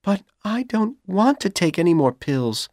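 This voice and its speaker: A man's voice: fairly high pitch, normal speed, creaky, husky, no room sound, studio quality, pitched above the performer's own voice. A man with a Persian accent voicing an anxious young woman student, raising his voice to sound pleading and fragile. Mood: nervous. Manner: pleading, tearful.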